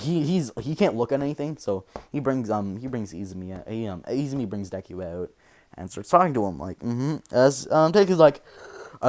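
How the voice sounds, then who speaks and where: A man's voice: mid-range voice, a little mellow. A man telling an improvised fan story in a meandering way, full of fillers, restarts and casual swearing. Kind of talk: rambling improvised story narration.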